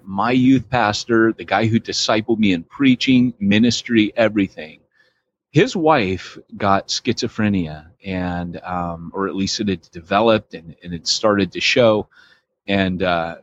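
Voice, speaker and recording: A man co-hosting a podcast, telling a rambling, self-mocking story with quick laughs. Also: on the low side, no echo. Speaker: podcast co-host. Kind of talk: casual storytelling podcast chat. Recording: dull, dry lo-fi sound.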